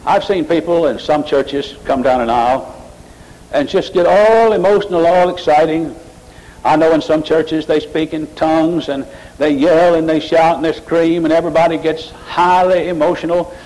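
A pastor preaches with a somewhat high male voice. He builds his points in short phrases, then climbs sharply in pitch and volume to drive them home. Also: normal speed, a little mellow, poor audio. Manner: mocking emotional worshippers in a high voice. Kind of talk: sermon.

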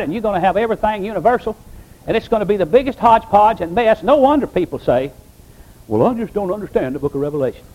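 A man's voice: high-pitched, a little mellow, poor audio. An older man, a pastor, preaching a sermon in a plain-spoken, folksy way and rising to emphatic exclamations.

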